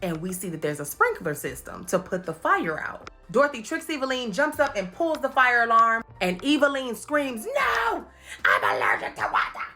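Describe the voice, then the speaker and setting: A woman recapping movies in a playful, animated comedic commentary, laughing often and slipping into quick impressions. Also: on the high side, faint music behind. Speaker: commentary host.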